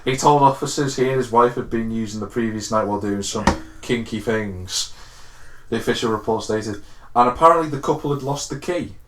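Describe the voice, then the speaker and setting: A young man co-hosting a podcast, reading odd news stories aloud between jokes and laughs, with plenty of "uh" and "apparently". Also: fairly low pitch. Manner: laughing, jokey, reads news aloud with filler words. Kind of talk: casual banter. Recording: roomy echo.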